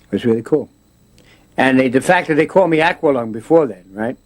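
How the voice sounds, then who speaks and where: A man's voice: mid-range voice, expressive, fairly quick. A man in a casual interview, telling stories in a rambling way with many restarts, often slipping into voices.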